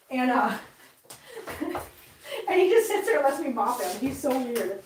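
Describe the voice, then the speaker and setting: A woman's voice: sits high, animated, moderate pace, pauses often, roomy sound, far from the mic, slight background noise. A woman vlog host chatting casually as she cleans at home, rambling along and cooing to her cats. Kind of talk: casual chat while cleaning. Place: home, indoors.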